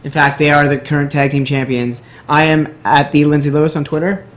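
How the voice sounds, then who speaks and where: A man's voice: a little high, little pitch movement, a little fast. A man co-hosting a casual podcast, rambling and joking as he acts out quoted remarks. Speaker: podcast co-host. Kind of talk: casual chat.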